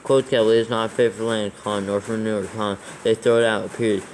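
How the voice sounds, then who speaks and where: A man's voice: on the low side, level tone, quick pace, slight background noise, poor audio. A man dictating scripture aloud for proofreading, steadily reading the text and naming every comma, capital and quote mark.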